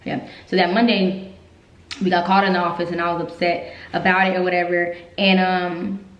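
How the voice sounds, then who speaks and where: A woman's voice: on the low side, little pitch movement, normal speed, highs cut off. Candid woman telling her story, echoey room. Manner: emotional, candid, repeats herself when upset. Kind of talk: casual storytelling vlog.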